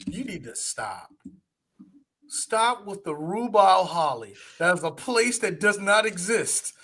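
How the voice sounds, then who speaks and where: Man, high voice, bright tone, animated, profane, casual podcast chat. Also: slow. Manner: animated, laughing, profane banter. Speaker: podcast co-host.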